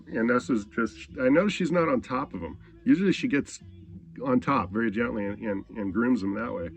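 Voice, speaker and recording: A man's voice: medium pitch, moderate pace, gravelly. A man telling a personal story in a rambling, profane, laid-back way. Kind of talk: casual spoken anecdote.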